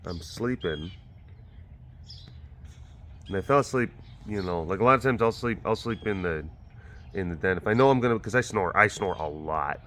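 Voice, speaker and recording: Man, vlog host, casual chat, rambling, fairly low voice. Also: animated, moderate pace, pauses often, a bit bright, slight background noise. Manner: rambling, chatty storytelling with frequent fillers. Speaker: vlog host at a wild animal facility.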